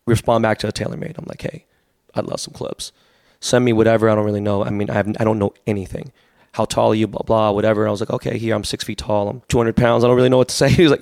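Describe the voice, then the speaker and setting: Gravelly fast-talking man in his forties. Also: lowish voice, steady tone, a little mellow, no room sound, studio quality. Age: 40s. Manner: fast, rambling storytelling with many fillers. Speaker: guest. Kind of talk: casual podcast chat.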